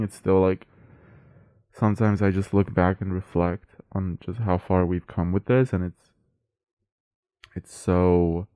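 A young male podcast co-host speaks in an earnest, emotional way that keeps catching in his throat. His voice sits very low and sounds mellow and dark. The recording is dry and close. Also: no echo. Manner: earnest, emotional, choking up while thanking listeners. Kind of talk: casual heartfelt chat.

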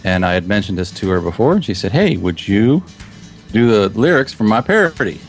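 Low-voiced rambling podcast guest man. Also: big pitch swings, brisk, soft background music. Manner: rambling, self-interrupting, chuckles often. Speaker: podcast guest, Minecraft video creator. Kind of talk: casual podcast chat.

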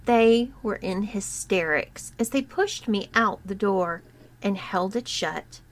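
Slow woman reading a story. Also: mid-range voice. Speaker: narrator. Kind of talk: scripted narration of an erotic story.

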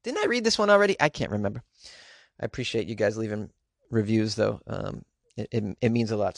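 A man's voice: lowish voice, lively intonation, a little fast, gravelly, no echo, clean studio sound. A man hosting his own podcast in a casual, rambling way, with plenty of ums and side remarks. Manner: rambling, with many ums and trailing asides. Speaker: podcast host and comedian. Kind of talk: casual chat, reading out listener reviews.

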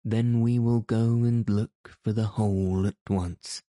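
A blustering quick-tempered old king, as a man reads him. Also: on the low side, fairly even intonation, warm tone, no room sound, clean studio sound. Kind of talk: audiobook character reading.

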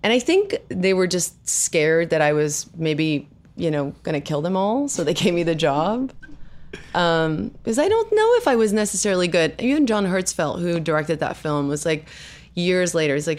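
Low-voiced South African woman, candid. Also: expressive, a little mellow. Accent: faint South African. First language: Afrikaans. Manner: chatty and candid, quick to laugh and tease. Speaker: podcast guest, actress. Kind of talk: casual interview chat.

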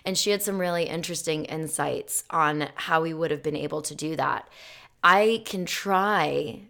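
A woman co-hosting a casual podcast, talking at length in a low voice with a gravelly fry. She laughs easily and retells what friends told her in a loose, chatty way. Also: normal speed, fairly bright tone. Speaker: podcast co-host. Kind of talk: casual chat.

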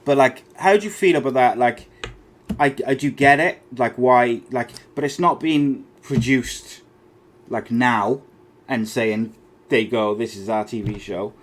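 Blunt, mid-pitched podcast co-host, man. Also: a little slow. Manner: blunt, mocking, swears freely. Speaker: podcast co-host reading live chat. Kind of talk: casual podcast banter.

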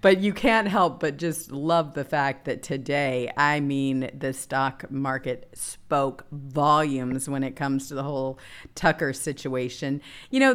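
An indignant woman hosting a casual political chat show, reacting to quotes with outrage and laughter. Her voice sits very low for a woman. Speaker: host.

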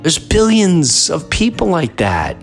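A man's voice: a little high, huge pitch swings, takes it slowly, faint music behind. A middle-aged man hosting a podcast, talking through an impassioned, preachy solo monologue. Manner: impassioned, preachy rant with emphatic swings. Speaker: podcast host.

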